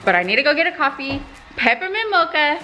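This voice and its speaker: A woman's voice: high-pitched, expressive, rapid-fire, sharp tone, a little hiss or hum. A young woman vlogging casually to the camera, chatty and playful, often giggling. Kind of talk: casual vlog chat to camera.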